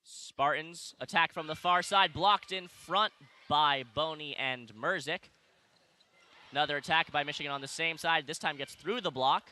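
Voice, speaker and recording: A young man doing live play-by-play sports commentary, calling the action quickly and correcting himself as he goes. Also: a little high, sharp tone. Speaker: play-by-play announcer. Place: arena broadcast position.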